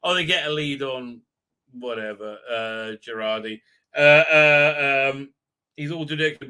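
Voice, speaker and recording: A man's voice: a little high, takes it slowly, long pauses, sharp tone, smooth. A man hosting a live stream, recapping an episode in a rambling, irreverent way with lots of fillers. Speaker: show host.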